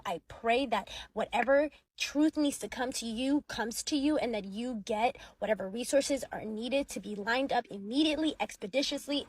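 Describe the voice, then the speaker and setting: Husky-voiced chatty young woman. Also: on the high side, poor audio. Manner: chatty, animated, acts out quotes. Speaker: social media commentator. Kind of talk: casual story recap.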